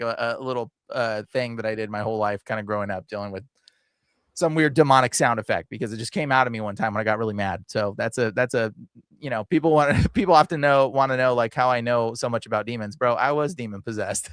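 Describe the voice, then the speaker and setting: A man's voice: mid-range voice, fast talker, fairly bright tone, smooth, no echo, studio quality. A man telling a story in a loose, rambling way, laughing often and using many fillers. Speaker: deliverance minister. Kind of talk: casual conversation.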